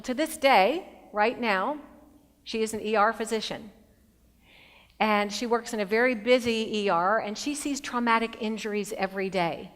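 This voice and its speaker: A middle-aged woman giving a motivational speech as a keynote speaker, an expressive storyteller who shifts between bright emphasis and hushed moments. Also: a little high. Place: large conference hall. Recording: long hall reverb.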